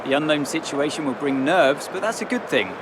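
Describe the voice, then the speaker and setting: A man playing a pre-race commentator in a racing video game, speaking in a measured, explanatory way. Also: fairly high pitch, expressive, background noise, lightly acted.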